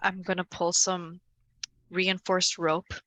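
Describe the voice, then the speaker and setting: Brief: casual, bright woman at a game table, dry sound. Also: lowish voice, little pitch movement, slow pace, no echo. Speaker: player.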